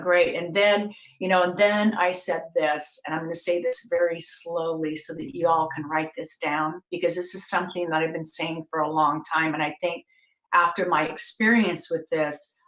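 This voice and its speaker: A woman host telling a personal story to an audience, acting out the voices of the people in it. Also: low voice. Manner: animated, acts out voices in her story. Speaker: talk show host. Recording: echoey room.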